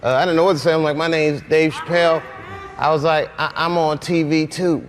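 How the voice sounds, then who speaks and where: A comedian telling a funny anecdote on a talk show, acting out the lines of the people in it. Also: male voice, a little high, steady tone, brisk, long reverb tail. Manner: storytelling, acts out quoted lines.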